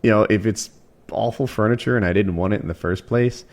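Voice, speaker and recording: A man's voice: lowish voice, fairly quick. A man on a podcast, explaining his views on furniture in a matter-of-fact, conversational way. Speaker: podcast host. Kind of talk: casual chat.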